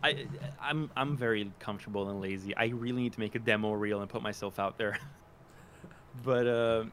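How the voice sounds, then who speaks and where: A man's voice: lowish voice, steady tone, normal speed, a bit bright, slight background noise. A man talking casually as an interview guest about voice acting, rambling and self-deprecating, with many restarts and fillers. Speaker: podcast guest, aspiring voice actor.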